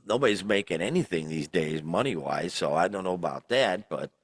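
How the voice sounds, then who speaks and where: A man's voice: low voice, lively intonation, brisk, husky, no room sound. A tipsy man co-hosting a podcast, talking loosely and rambling with frequent laughs. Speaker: podcast co-host. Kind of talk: casual chat.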